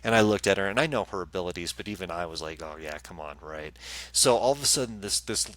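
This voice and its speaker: A man co-hosting a casual live chat show, telling stories in an animated way and acting out what people said. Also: fairly low pitch, fast, no room sound. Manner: animated storyteller, acts out quotes. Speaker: co-host and psychic medium.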